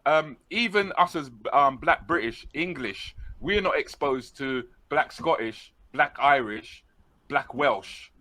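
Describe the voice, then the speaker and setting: A man's voice: on the high side, expressive, slow, pushed and bright. A man hosting a radio show, chatting with a guest in a teasing, talkative manner. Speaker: radio host. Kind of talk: casual radio chat.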